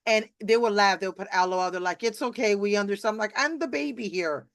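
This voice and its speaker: A middle-aged woman hosting a live video chat, rambling warmly with many restarts and acted-out quotes. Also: mid-range voice, fast talker, dry recording. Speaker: host. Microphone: video call.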